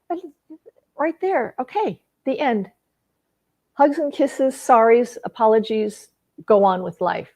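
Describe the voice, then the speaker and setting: A woman's voice: on the high side, slow, pauses often. A middle-aged woman relationship coach speaking casually to an audience. She often restarts and repeats words, and she acts out quoted conversations in other voices. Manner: acts out quoted dialogue with lively shifts in voice.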